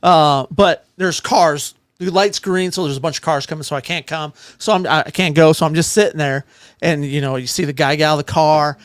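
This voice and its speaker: A man co-hosting a casual podcast, telling an animated story and acting out what other people said. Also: a little high, fairly quick, no echo, clean studio sound. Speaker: podcast co-host.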